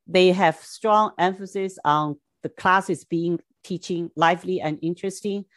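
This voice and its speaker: A middle-aged woman from China giving an academic lecture in short, measured phrases, with occasional Mandarin asides. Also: fairly low pitch, steady tone, dry recording. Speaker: education scholar giving a lecture. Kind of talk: academic talk with slides.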